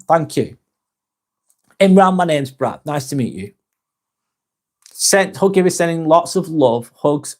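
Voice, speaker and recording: Guy rambling on a live stream, sweary, sarcastic, reading chat out, middle pitch.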